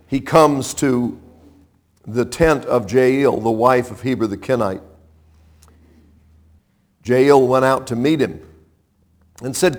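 A man preaching a sermon, retelling a story in a conversational way, with dramatic swings from loud to hushed. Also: mid-range voice. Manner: animated, conversational, dramatic shifts in loudness.

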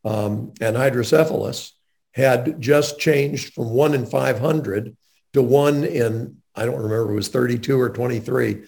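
A man's voice: medium pitch, unhurried, vocal fry, a little mellow. A man interviewing a guest in a faith-based conversation, speaking in an earnest, emphatic way.

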